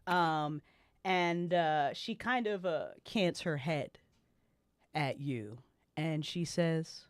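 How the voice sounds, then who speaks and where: A woman's voice: deep voice, very slow, dry recording. A woman narrating as game master of a tabletop game, in a casual, profane, rambling way.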